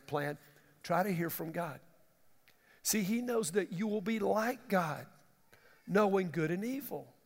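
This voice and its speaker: A middle-aged man preaches in a folksy, emphatic way and asks the congregation questions. His voice sits high and swings widely, with a gravelly edge. A long reverb trails behind him, as in a large hall. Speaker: pastor. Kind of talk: sermon.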